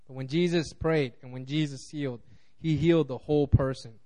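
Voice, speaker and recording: A man pastor giving a casual, conversational sermon, animated and acting out quotes, with frequent restarts. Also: medium pitch, brisk.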